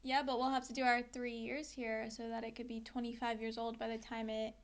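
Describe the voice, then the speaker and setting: A woman's voice: on the high side, little pitch movement, a little fast. A young woman from the United States co-hosting a podcast, telling stories in a chatty, casual way with frequent "like.". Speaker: podcast co-host. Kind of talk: casual chat.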